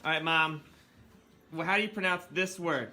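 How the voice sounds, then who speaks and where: A man's voice: on the high side, moderate pace, a crowd in the background. A man with a Baltimore accent in a home video, playfully quizzing his family on words.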